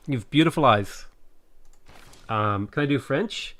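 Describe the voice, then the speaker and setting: A man's voice: mid-range voice, expressive, slow, pauses often, bright, forceful tone. A man streaming a strategy game, tired-voiced, chatting casually, joking, reading viewer questions aloud and humming tunes. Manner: joking, reads chat aloud, hums tunes. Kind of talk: casual livestream chat while gaming.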